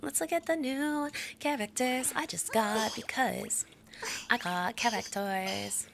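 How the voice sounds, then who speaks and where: Bubbly, giggly woman streamer with a gravelly edge. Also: mid-range voice, very animated, normal speed, a bit bright, faint music behind. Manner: bubbly and giggly, chatty, gushing. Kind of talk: live-stream chat with viewers.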